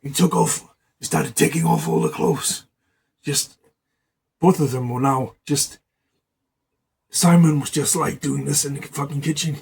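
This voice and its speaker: A man's voice: mid-range voice, big pitch swings, a little slow, creaky, pauses often, a little mellow, slight background noise. A man improvising a rambling, profanity-laced story in a casual way, often restarting words.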